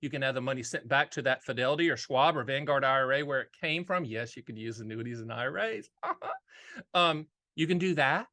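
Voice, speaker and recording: A man hosting a casual monologue on annuities, energetic and jokey, repeating key phrases for emphasis. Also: medium pitch, fairly quick. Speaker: annuity agent and show host.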